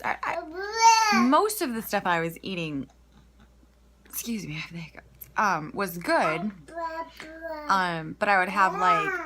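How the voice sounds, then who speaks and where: A woman's voice: fairly low pitch, gravelly, noisy background. A woman just out of bed, talking candidly in a rambling video diary with lots of fillers and restarts. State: just woken up. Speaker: vlogger.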